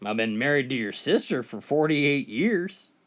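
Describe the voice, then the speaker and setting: Brief: unflappable old man, voiced by a man, short, slow, drawled replies. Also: mid-range voice, lively intonation, fairly bright tone, lightly acted. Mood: unbothered. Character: calm, unbothered old married man.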